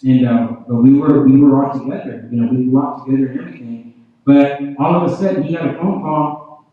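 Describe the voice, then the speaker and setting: Fast-talking preacher in an echoey hall. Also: male voice, mid-range voice. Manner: addresses the crowd often, repeats "you know what I mean?". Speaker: preacher giving testimony. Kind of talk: revival testimony. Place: large church hall. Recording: tinny, very echoey hall from far off.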